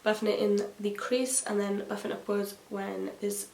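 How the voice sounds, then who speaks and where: Woman, beauty vlogger, rambling and gossipy, mid-pitched, echoey room with light hiss. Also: completely flat delivery, moderate pace, creaky, a little mellow. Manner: rambling, gossipy, many fillers and asides. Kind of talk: chatty get-ready-with-me makeup tutorial.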